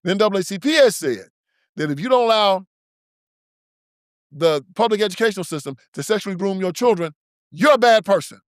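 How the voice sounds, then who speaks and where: A man's voice: sits high, animated, fairly quick, pauses often, dry recording, clean studio sound. A man hosting his own show, delivering an emphatic, preachy and confrontational political commentary monologue. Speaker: show host.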